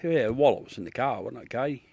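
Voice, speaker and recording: A man's voice: mid-range voice, lively intonation, fast talker, creaky, a little mellow, slightly rough, no echo. An Australian man hosting a livestream, chatting casually with viewers in a rambling, easygoing way, laughing at his own jokes. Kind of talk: casual live chat. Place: at home beside a telescope.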